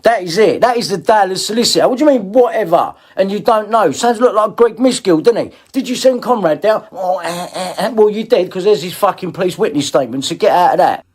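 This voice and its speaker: A man's voice: high-pitched, expressive, quick pace, hardly any pauses, breathy edge. Furious swearing man ranting. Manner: confrontational, swearing, repeating himself. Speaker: video blogger. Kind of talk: angry ranting monologue.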